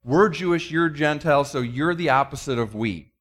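Conversational male preacher, slightly high voice. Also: normal speed, fairly bright tone. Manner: conversational, self-deprecating, many restarts, acts out quotes. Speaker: pastor. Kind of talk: sermon.

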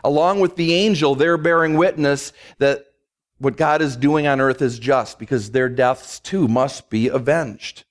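A man preaching an expository sermon in a conversational, emphatic way, slowing down to stress key words and briefly voicing quoted speakers. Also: mid-range voice. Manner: voices God and others in quick asides. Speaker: pastor.

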